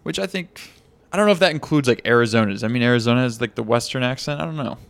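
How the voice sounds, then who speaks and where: A man's voice: medium pitch, quick pace, gravelly. A man hosting a casual podcast chat, talking hesitantly with many restarts. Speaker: podcast host.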